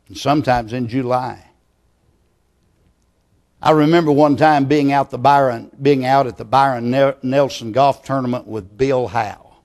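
A man preaching a sermon in an unhurried, deliberate way. His pitch sits in an ordinary middle range. He is earnest and pleading, and often sinks to a hushed, intimate tone to press his point. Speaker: pastor. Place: church.

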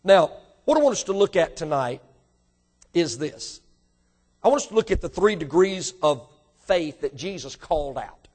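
High-voiced man preaching emphatically. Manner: emphatic preaching, rising to high animated bursts; addresses congregation directly with questions. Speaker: pastor. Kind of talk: sermon.

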